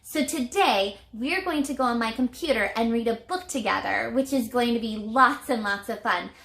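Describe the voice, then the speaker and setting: A woman teacher giving a reading lesson to young children, speaking clearly and sounding out words in a sing-song way. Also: on the high side, normal speed, fairly bright tone, reverberant.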